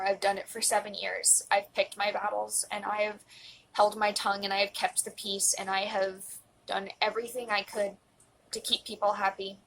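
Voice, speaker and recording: A woman's voice: medium pitch, little pitch movement, normal speed, vocal fry, fairly bright tone, slight background noise, low-quality recording. A woman in her twenties speaking earnestly into a phone in a personal confessional vlog, emotional and close to tears, at times dropping to a whisper. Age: 20s. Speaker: vlogger.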